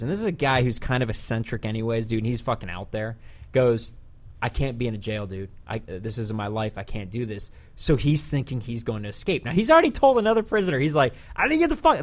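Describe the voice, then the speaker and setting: Profane storytelling podcast host, man. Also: mid-range voice. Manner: animated, profane retelling with voiced quotes.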